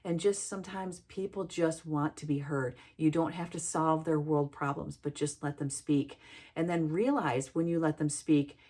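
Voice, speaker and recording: A woman's voice: deep voice, fairly even intonation, normal speed, dark tone. A middle-aged woman, a healthcare worker, giving an earnest, heartfelt reflective talk about listening.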